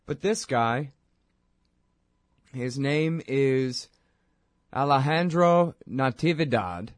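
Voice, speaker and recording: A man's voice: medium pitch, expressive, drawn-out words, no echo. Casual male commentator on a dry mic. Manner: casual, conversational, with fillers. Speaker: host. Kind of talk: video commentary.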